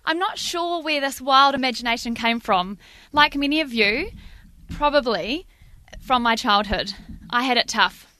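Brief: middle-aged NZ woman storyteller, lively and self-mocking, fairly high, dry close sound. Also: unhurried, no room sound. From New Zealand. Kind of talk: spoken storytelling to a live audience.

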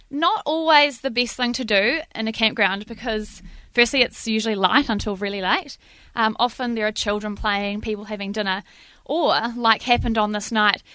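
Bright-voiced New woman telling a story. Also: on the high side, no echo. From New Zealand. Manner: lively, self-mocking, dramatic pauses. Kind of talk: spoken storytelling to a live audience.

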